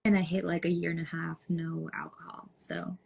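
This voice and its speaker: Low, gravelly-voiced young woman chatting. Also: lively intonation, moderate pace, darkish tone. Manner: rambling, lots of "like" fillers. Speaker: podcast host. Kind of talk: casual podcast chat.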